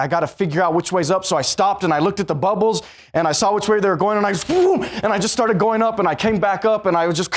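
A man preaching a sermon, telling a story from his own life, moving between hushed, slow stretches and loud, fast, rising passages. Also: sits high.

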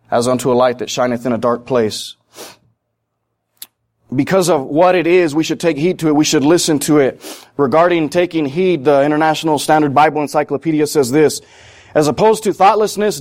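A man preaching a sermon in a high voice. He talks plainly and repeats his points for stress. His delivery climbs to loud, emphatic peaks.

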